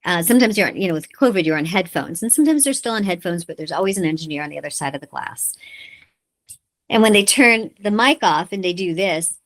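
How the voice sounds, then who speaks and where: A middle-aged woman voice actor, chatting in an interview as a lively storyteller who laughs often. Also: lowish voice, quick pace. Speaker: voice actor guest. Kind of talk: casual interview chat.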